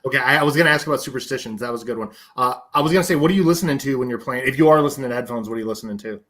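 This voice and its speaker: Male podcast host, mid-range pitch, rapid casual delivery, talks over guest. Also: fairly bright tone. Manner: quick, chatty, many "yeah"s and "oh my God"s. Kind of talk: casual interview chat.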